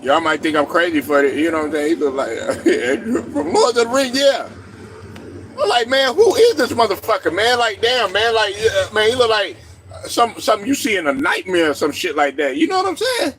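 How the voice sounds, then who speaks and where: Guy ranting about basketball, AAVE, high voice that swings all over, laughing and cussing. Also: moderate pace. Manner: animated, laughs a lot, swears constantly, rants. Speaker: sports show host. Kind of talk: profane sports commentary monologue.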